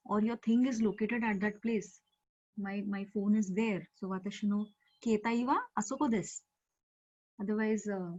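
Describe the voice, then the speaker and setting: A woman teaching an online language class, explaining patiently with many fillers over a video call. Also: mid-range voice. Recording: dull, muffled video-call audio.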